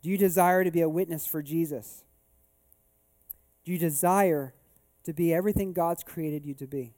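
High, mellow-voiced male pastor preaching. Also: moderate pace. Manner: conversational storytelling building to emphatic rhetorical questions. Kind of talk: sermon. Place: church service.

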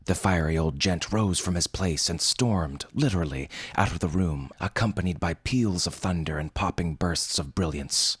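A man's voice: low voice, normal speed, hardly any pauses, husky, no room sound. A man narrating a humorous fantasy story in a wry, formal storytelling manner. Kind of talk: scripted fiction narration.

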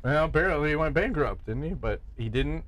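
A man co-hosting a podcast in casual chat, joking and swearing freely in quick asides. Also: a little high, expressive, a bit bright. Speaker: podcast co-host.

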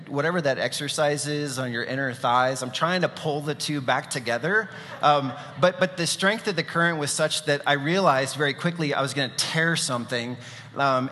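A man's voice: medium pitch, sharp tone, slight background noise. A man preaching a sermon as pastor, telling stories casually with fillers and asides. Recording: long reverb of a large hall.

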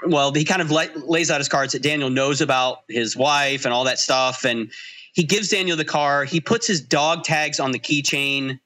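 A man's voice: fairly high pitch, normal speed, bright, forceful tone. An American man co-hosting a podcast, talking reflectively in casual chat and laughing readily. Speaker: podcast co-host.

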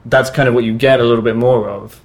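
A man talking in a casual interview, halting, with many restarts and fillers. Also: mid-range voice, steady tone. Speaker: guest musician.

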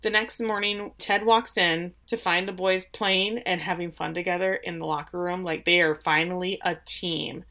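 A woman's voice: fairly low pitch, steady tone, moderate pace, hardly any pauses, pushed and bright. A woman co-hosting a casual chat, animatedly retelling scenes and acting out quoted lines. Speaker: podcast co-host. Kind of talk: casual chat recapping a show.

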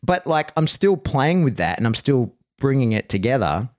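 A man's voice: mid-range voice, sing-song, moderate pace, a little mellow. Rambling man chatting on a podcast. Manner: rambling, lots of "right?" and "like"; swears casually. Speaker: podcast host and dog trainer. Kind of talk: casual podcast chat.

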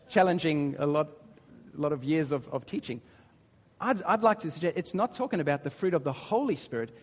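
A man preaching a sermon, reading scripture aloud and pressing his points with emphatic repetition. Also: fairly high pitch. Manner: emphatic, repeats words, reads scripture aloud. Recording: long hall reverb.

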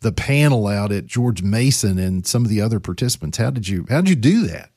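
A man hosting a podcast, introducing the episode and interviewing a guest in a friendly, lively way. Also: on the low side, a little fast, no room sound, clean studio sound. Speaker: podcast host.

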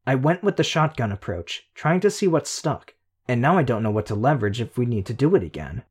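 A sharp, sardonic teenage schemer, read by a male narrator in an audiobook. Her lines come slightly higher than his narration and move briskly, with a dry, knowing edge. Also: sing-song, husky. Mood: wry. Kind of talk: audiobook character voice.

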